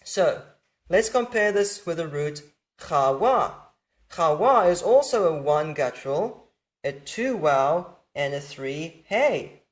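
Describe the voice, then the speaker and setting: A man teaching Hebrew grammar over slides, reasoning step by step and repeating key points with emphasis. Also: high-pitched. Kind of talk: explanatory lecture over slides.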